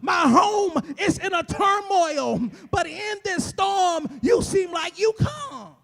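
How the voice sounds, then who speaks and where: A man delivers a church sermon in a strikingly high voice. His pitch moves in wide, lively swings. He builds to a whooping, shouted cadence full of repeated phrases. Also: takes it slowly. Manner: call-and-response repetition. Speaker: preacher.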